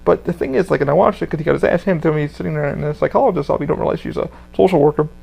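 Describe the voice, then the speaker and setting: Podcast host, male, raised pitch, very gravelly; loose, rambling, swearing delivery. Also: very fast, a little mellow. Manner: rambling, profane, full of fillers. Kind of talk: casual rambling monologue.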